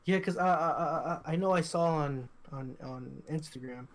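A young man co-hosting a podcast, telling a story in casual chat, halting and repetitive, full of fillers and restarts. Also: fairly high pitch. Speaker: podcast co-host.

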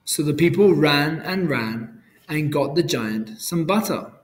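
A man reading a children's story aloud, clearly and carefully, as a storyteller. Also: on the high side, animated, unhurried.

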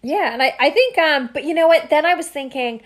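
A woman co-hosts a relaxed chat show, rambling with plenty of "like" fillers. Her voice sits slightly above the usual for a woman. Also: high voice, brisk. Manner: chatty, lots of "like" fillers. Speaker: podcast co-host. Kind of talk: casual chat about a reality show.

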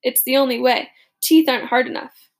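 A woman's voice: high voice, steady tone, brisk. A woman voicing a friendly young male soldier who gives easygoing advice in a storybook reading.

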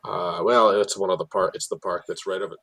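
A man, working as a tour guide, telling animated stories in casual chat with many fillers and restarts. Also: fast talker, low-quality recording. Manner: animated storyteller, many fillers and restarts, drops low for asides.

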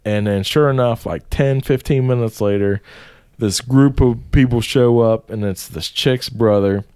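A man casually telling a rowdy story with a lot of swearing and animated delivery. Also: medium pitch, unhurried, clean tone, dry recording, clean studio sound.

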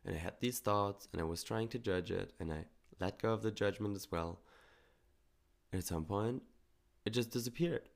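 Low gravelly man, calm coaching talk. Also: moderate pace. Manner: calm, earnest, coaching tone with casual swearing. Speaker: podcast host. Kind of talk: reflective solo podcast talk.

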